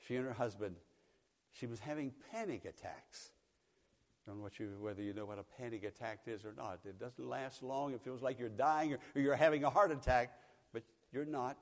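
A man's voice: medium pitch, gravelly, darkish tone, in a large hall. An older man from Pennsylvania preaching a sermon, telling a folksy story and chuckling often. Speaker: pastor. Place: church sanctuary.

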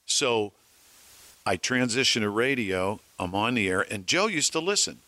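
Animated storytelling man. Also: lowish voice, normal speed, dry recording. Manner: animated storyteller acting out voices. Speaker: former TV weatherman and radio host. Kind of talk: anecdotal storytelling among colleagues.

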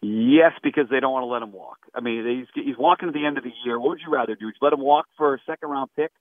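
A man's voice: mid-range voice, fast talker, no echo. A man, a sports radio host talking animatedly and emphatically in a phone-in chat. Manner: animated, emphatic, mimics callers. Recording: tinny phone line, dry.

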